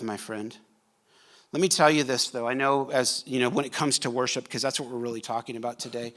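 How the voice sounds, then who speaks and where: A pastor preaches a sermon to his congregation in a church sanctuary. His voice is medium-pitched and slightly bright, and he speaks casually, joking with the room.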